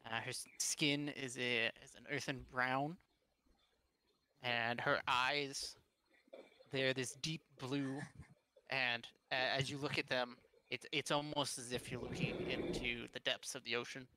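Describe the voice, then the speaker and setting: Guy running a tabletop game, talks slow, lots of um and like, restarts a lot. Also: medium pitch, little pitch movement, pushed and bright, slight background noise. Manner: halting, full of fillers and restarts. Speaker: game master.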